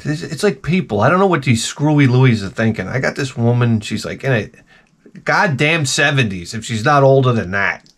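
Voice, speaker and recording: A man's voice: medium pitch, expressive, moderate pace, fairly bright tone. A man with a New York accent hosting his channel, ranting in an exasperated, sarcastic and profane comic way. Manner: exasperated and sarcastic, heavy swearing. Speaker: retro game channel host.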